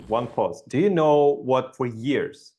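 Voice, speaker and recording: A man from Ukraine, hosting a casual podcast chat, excitable and swearing freely. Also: mid-range voice, slow. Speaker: podcast host.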